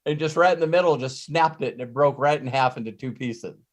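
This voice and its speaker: A middle-aged man hosting a live coaching call, telling stories in an animated way and laughing as he goes. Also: mid-range voice, brisk. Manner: animated storyteller who laughs and acts out quotes. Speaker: host and business coach.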